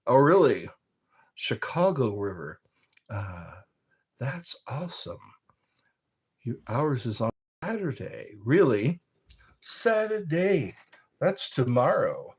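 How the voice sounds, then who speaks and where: A man from the United States, a bit tipsy from wine, casually chatting on a live stream and reading viewer comments aloud in a slow, rambling way. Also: mid-range voice, sing-song, breathy edge. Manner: slow, rambling, reads chat messages aloud.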